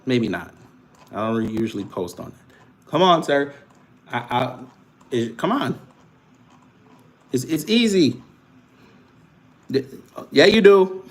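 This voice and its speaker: A man's voice: mid-range voice, very animated, slow, pauses often. Taunting man on a live stream. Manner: taunting, teasing banter with laughs. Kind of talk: casual live-stream commentary answering chat.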